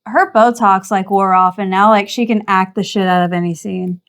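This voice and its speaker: A woman's voice: mid-range voice, steady tone, normal speed, fairly bright tone. A woman co-hosting a movie review chat, chatty and full of "like". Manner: chatty, fills with "like". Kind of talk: casual chat.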